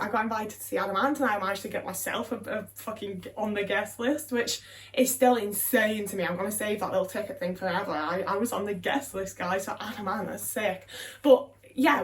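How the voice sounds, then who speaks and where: A young woman talking casually to her viewers while she packs, rambling, swearing and anxious, often trailing off and restarting. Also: medium pitch. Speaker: vlogger. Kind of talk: casual body-doubling chat while packing. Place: home room, packing boxes. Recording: distant mic with faint noise.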